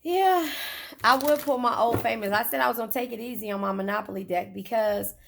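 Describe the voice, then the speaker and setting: A woman's voice: on the high side, a little fast, vocal fry, slight background noise. A woman giving a casual tarot reading in a car, blunt, profane and chatty as she talks straight to her viewers. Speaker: tarot reader.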